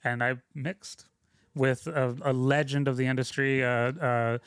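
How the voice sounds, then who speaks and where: A man's voice: medium pitch, fairly even intonation, a little slow, clean tone, dry recording. A man talking as a podcast guest, telling stories casually and rambling with many fillers into a close microphone. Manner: rambling, self-interrupting, frequent "like" fillers. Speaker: podcast guest, sound mixer. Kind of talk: casual conversational storytelling.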